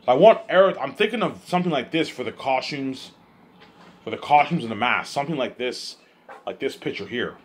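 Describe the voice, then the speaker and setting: A young man vlogging in a loose, rambling monologue at a mid-range pitch. He trips over repeated words and keeps asking whether the listener follows. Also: lively intonation, fairly quick, slight background noise.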